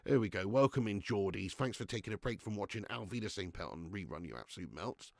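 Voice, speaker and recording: A man's voice: lowish voice, animated, fast, gravelly, no echo, studio quality. A young man hosting a live football watch-along, swinging between deflated muttering and swearing rants. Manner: swearing, ranting fan commentary. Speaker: fan watch-along host.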